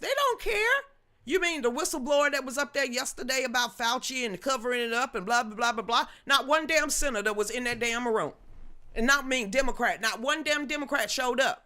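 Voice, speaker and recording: Sassy ranting woman streamer, bright tone. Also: on the high side, animated, brisk. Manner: blunt, sassy and ranting, with heavy slang and mild cursing. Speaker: host of a live-streamed news commentary show. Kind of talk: casual live-stream commentary, reading and answering chat comments.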